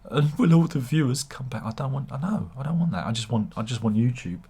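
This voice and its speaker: Husky, sardonic man. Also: mid-range voice, animated, mellow. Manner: sardonic, self-deprecating, halting with restarts. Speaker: YouTuber. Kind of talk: rambling talk to camera.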